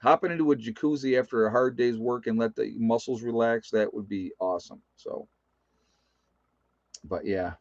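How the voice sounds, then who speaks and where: A man's voice: medium pitch, moderate pace, darkish tone, no room sound, dull audio. A man hosting a casual livestream, reading out viewer comments and chuckling often. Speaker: livestream host.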